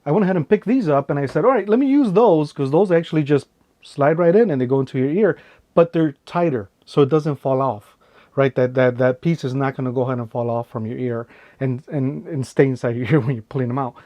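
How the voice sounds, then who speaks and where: A man's voice: medium pitch, a little fast, muffled recording. A man chatting casually in a tech unboxing vlog, rambling with lots of "right?" tags and filler phrases. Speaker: tech vlogger.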